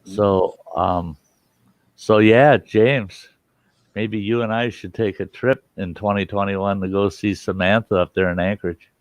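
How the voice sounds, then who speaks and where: A man with a northern US accent hosting a casual group chat on a video call, rambling and storytelling in a relaxed way. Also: fairly low pitch, measured pace, dry recording. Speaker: host.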